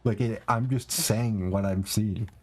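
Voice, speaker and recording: A man's voice: lowish voice, fairly even intonation, unhurried, darkish tone. A young man from Canada, a streamer ranting in casual, profane chat while he plays, laughing often.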